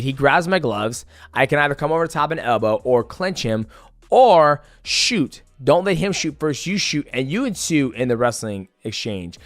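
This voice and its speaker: A man's voice: mid-range voice, no echo. A man in his thirties giving a casual, profane fight breakdown and acting out the moves as he explains. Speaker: fight analyst.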